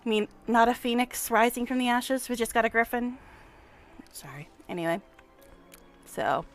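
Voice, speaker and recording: A woman's voice: on the high side, flat delivery, fairly quick, faint music behind. A woman streaming a game, chatting casually and gushing with frequent giggles. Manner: giggly and gushing, laughs often. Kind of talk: casual livestream chat while reading game dialogue aloud.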